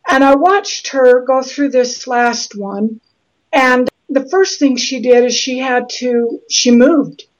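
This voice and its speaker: A middle-aged woman from Utah talks slowly and earnestly, stopping and restarting her sentences. Her voice sits a little high. The audio is slightly dull and lo-fi. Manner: slow, earnest, halting with restarts. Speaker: guest author. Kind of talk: interview conversation.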